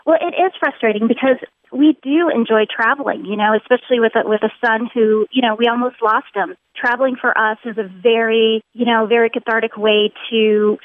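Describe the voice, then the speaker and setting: A woman's voice: a little high, fairly even intonation, fairly quick, few pauses, no echo. Earnest woman caller on a phone line. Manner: earnest and aggrieved, builds emphasis through repetition. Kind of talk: telling her story on a call-in show. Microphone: telephone.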